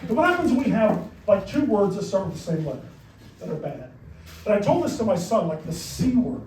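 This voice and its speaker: High-voiced middle-aged male stand-up comic. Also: big pitch swings, brisk, a little mellow, slight background noise. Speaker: stand-up comedian. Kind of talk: stand-up comedy set. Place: comedy club. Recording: roomy club sound, mic far off, crowd. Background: audience laughter.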